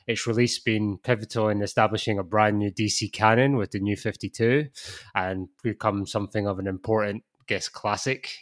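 A man's voice: lowish voice, a bit bright. A man hosting a podcast, upbeat and easygoing as he introduces the topic. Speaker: podcast host. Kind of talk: casual chat, introducing the episode.

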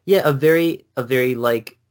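A man's voice: medium pitch, normal speed. A man co-hosting a podcast in casual chat, rambling enthusiastically and laughing often. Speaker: podcast co-host.

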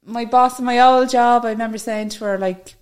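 A woman's voice: on the high side, fairly even intonation, brisk, clear, resonant tone. A woman with an Irish accent, a funeral director chatting as a podcast guest, telling her story in a loose, talkative way and laughing easily. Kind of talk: casual chat.

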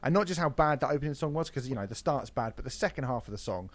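A man co-hosting a podcast, talking in a casual, animated and mocking way with plenty of swearing. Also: mid-range voice, quick pace, dry recording. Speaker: podcast co-host.

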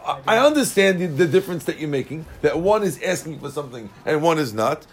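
A man with a slightly high voice teaches a Talmud class. He reads Aramaic and Hebrew phrases and explains each in plain terms, with lively energy. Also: quick pace, slightly rough.

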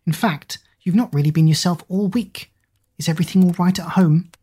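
A woman's voice: fairly low pitch, fairly quick, warm tone, husky. A woman voicing a stern, bossy middle-aged headmistress, prim and commanding.

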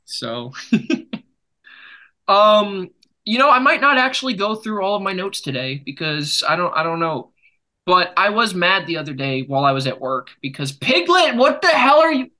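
A young man with a bright, forward voice hosts a loose, casual podcast chat. He rambles through jokey stories and often jumps into loud bursts. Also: sits high, expressive, measured pace. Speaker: podcast host.

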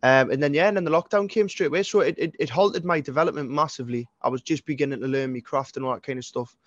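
A man's voice: a little high, fast talker, no echo, muffled recording. A man in his twenties with a Geordie accent, a singer-songwriter chatting as a guest in a rambling, sweary way. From North East England. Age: 20s. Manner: sweary, rambling, frequent restarts. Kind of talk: casual interview chat.

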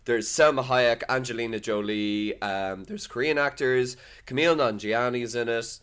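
A man's voice: medium pitch, moderate pace, fairly bright tone, clean tone. A young Irishman from co-hosting a podcast, chatting casually, laughing often and swearing freely. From Ireland. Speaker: podcast co-host. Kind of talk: casual chat.

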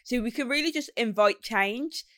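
A woman's voice: on the high side, no echo, studio quality. A young woman in her twenties from Birmingham with a Brummie accent and a slight lisp, chatting animatedly as a radio presenter. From Birmingham, England. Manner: animated, quick, many "like"s. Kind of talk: casual chat.

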